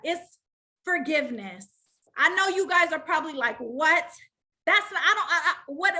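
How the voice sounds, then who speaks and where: A woman's voice: very high voice, bright, forceful tone. A woman in her forties coaching a live online audience, preaching with call and response. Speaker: life coach. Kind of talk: live online motivational session.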